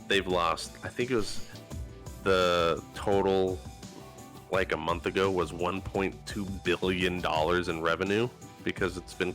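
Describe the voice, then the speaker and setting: A man with a very low voice and a bright, forceful tone reacts to the news in a loose comedy chat. He answers bluntly and swears freely, jumping in on his co-host's stories. Faint music runs underneath him. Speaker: podcast co-host.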